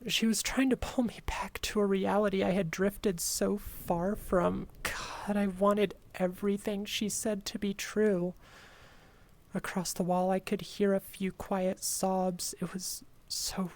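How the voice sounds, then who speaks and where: A woman reads a creepy horror story aloud on a stream, taking her time over every line. Her delivery is dramatic and measured, now and then dropping to a hushed whisper. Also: mid-range voice, level tone, vocal fry. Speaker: streamer reading horror stories.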